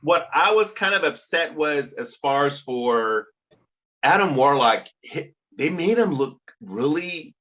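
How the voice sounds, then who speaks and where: A man talks casually on a movie podcast. His voice is lively and bright, and he often stops to ask the others questions. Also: on the high side, measured pace. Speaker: podcast co-host. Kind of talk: casual chat.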